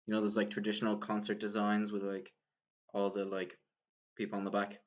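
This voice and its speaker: A man's voice: on the low side, monotone, fairly quick, muffled recording. A young Irish man, a podcast co-host, telling a long story in casual chat, full of "like"s and laughing as he goes. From Ireland. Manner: rambling storyteller, many "like"s, laughs while talking.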